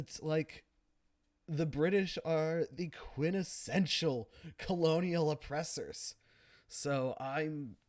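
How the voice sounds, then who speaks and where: A man's voice: a little high, a little mellow, no echo, studio quality. A man giving casual, sardonic commentary on a TV episode, with many fillers and restarts. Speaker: video commentator.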